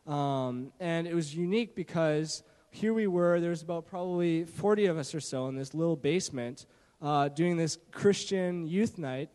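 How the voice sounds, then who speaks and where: Man, high voice, church testimony, animated storytelling, lots of fillers, handheld mic, long hall reverb. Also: normal speed. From Canada. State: shaky from not eating. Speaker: church youth leader sharing a mission trip story. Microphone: handheld microphone.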